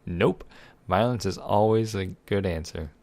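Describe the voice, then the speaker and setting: A man's voice: deep voice, measured pace, darkish tone, no room sound. A man reading a text game aloud and adding sarcastic, irreverent commentary, swearing freely. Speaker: let's play gamer.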